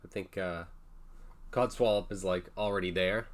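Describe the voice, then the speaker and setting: A man playing a tabletop game, speaking casually in a hesitant, soft way. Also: low-pitched, steady tone, normal speed. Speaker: player. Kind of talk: casual chat.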